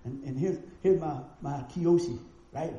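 A man preaches a storytelling sermon, acting out each character in his stories. His voice sits high but sounds warm and soft-edged. The church sanctuary gives it a roomy echo with faint noise underneath. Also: measured pace, dull audio. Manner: animated, acts out the people in his stories.

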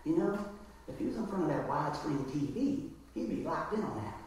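A man's voice: on the high side, expressive, a little fast, darkish tone, far from the mic, slight background noise, lightly acted. A man putting on the voice of an exasperated wife plotting to fix her husband's stubbornness, in an echoey church. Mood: scheming.

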